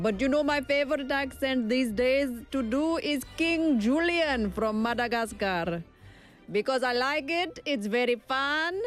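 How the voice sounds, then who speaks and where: A woman vlogger talking in a casual, chatty, self-mocking way, laughing often. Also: high voice.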